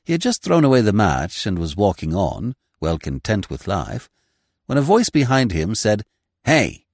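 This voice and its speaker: A man reading a classic comic novel aloud in measured, expressive narration. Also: lowish voice, dry recording, studio quality. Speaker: audiobook reader.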